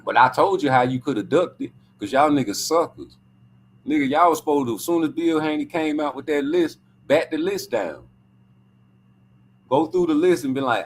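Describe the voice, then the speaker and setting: High-voiced, profane ranting streamer man. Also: normal speed, slight background noise. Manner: profane, animated, taunting rant. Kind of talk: casual ranting commentary stream.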